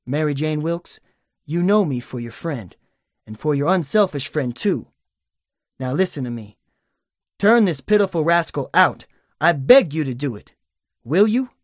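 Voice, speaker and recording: A man voicing a stern, indignant older male town doctor in an audiobook, speaking in a forceful, scolding way. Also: fairly high pitch, animated, a little slow, pauses often, dry recording, clean studio sound. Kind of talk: audiobook character voice.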